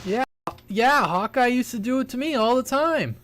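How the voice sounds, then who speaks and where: A man with a high voice chats over a CB radio transmission. He talks bluntly and casually, swears a lot and likes telling stories. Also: animated, moderate pace, background noise. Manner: blunt, profane, storytelling. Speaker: CB radio station operator.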